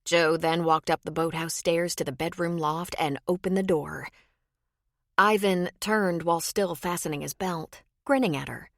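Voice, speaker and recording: Woman, audiobook narrator, low voice, measured storytelling, dry close sound. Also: no echo. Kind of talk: scripted narration.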